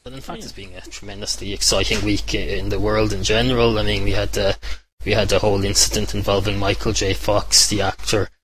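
A low-voiced Irish man hosting a podcast, rambling through a comic story. He keeps a flat, deadpan delivery and trips over his words as he goes. Faint clicks and bangs come through from behind. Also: slight background noise, low-quality recording. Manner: deadpan, halting, many restarts. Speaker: podcast host. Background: fireworks banging.

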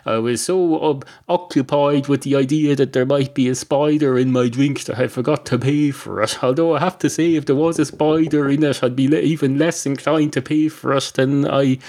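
A man's voice: mid-range voice, fairly even intonation, moderate pace, hardly any pauses, darkish tone, pitched above the performer's own voice, natural voice. A man voicing a fussy, overly polite male pub customer who is afraid of spiders. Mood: apologetic.

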